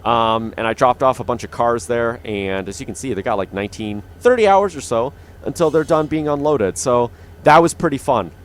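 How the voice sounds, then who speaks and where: A man's voice: medium pitch, normal speed. Rambling young man narrating gameplay. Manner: rambling, many fillers and restarts. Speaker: gaming channel host. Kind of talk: casual game commentary. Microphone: dynamic studio mic.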